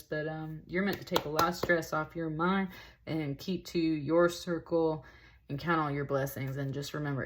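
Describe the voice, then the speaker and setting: A woman giving a casual, rambling tarot reading, emotional and a little tearful, full of "like" and "y'all". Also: sits low. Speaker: tarot reader.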